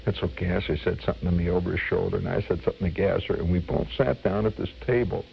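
A man's voice: low voice, fairly even intonation, fast talker, gravelly, husky. An older man from Indiana telling a personal war memory on the radio, reminiscing animatedly and restarting his phrases. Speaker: storyteller. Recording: dull lo-fi radio recording with faint music.

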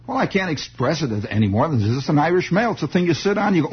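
A man's voice: a little high, animated, fast talker, few pauses, breathy edge. A man telling a rambling comic story, full of digressions and teasing asides to the listener. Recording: dull lo-fi recording.

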